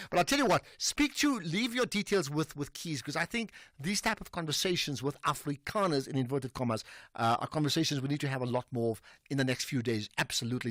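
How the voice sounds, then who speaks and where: A South African man hosting a call-in talk radio show, asking pointed questions in a quick conversational way. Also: mid-range voice, fairly bright tone, no echo.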